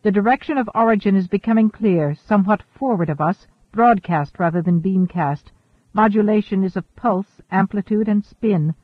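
A man reading the lines of a calm, precise male starship computer in an audiobook. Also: high-pitched, no echo. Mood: calm, informative. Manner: measured, informative. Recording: thin phone-like dry audio.

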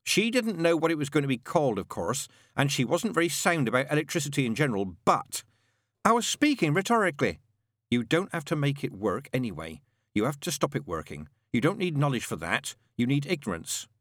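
A man's voice: a little high, big pitch swings, fairly quick, fairly bright tone, dry recording, voice pushed up. A composed young woman answers in a lifted, lightly sung voice, dry and sweetly pointed. A man voices her in an audiobook. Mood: wry. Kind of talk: audiobook narration.

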